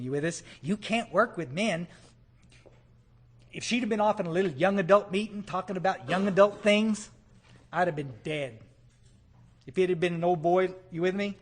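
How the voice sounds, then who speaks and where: Folksy man telling his story. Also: a little high. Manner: folksy, animated, checks in with the audience. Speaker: recovery meeting speaker. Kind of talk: storytelling talk to a live audience.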